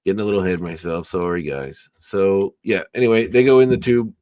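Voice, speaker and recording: Rambling low-voiced male podcast host. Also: quick pace, dark tone. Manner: rambling, self-correcting with many fillers. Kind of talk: casual chat.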